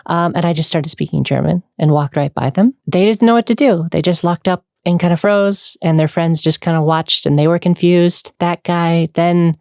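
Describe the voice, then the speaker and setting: A woman with a low, gravelly voice talks straight to camera, answering questions in a loose, rambling way. Her delivery is casual and chatty, with easy laughs between thoughts. The sound is close and dry. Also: steady tone, moderate pace, few pauses, darkish tone, dry recording. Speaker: online creator answering fan questions.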